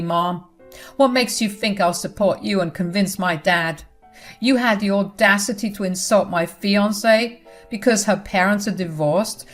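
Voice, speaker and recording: A woman's voice: mid-range voice, close to an everyday voice. A young adult son speaks with firm, cold disgust toward his mother, voiced by a woman narrator. He is resolute and clipped. It is a storybook narration.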